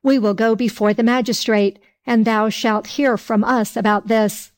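A woman's voice: a little high, steady tone, normal speed, natural voice. Woman reading as sly whining innkeepers.

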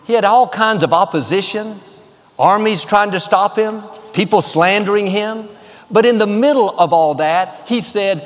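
A man's voice: sits high, expressive, unhurried. A man preaching a sermon as a pastor, upbeat and encouraging, with rhythmic repetition. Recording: live hall with long reverb and faint music.

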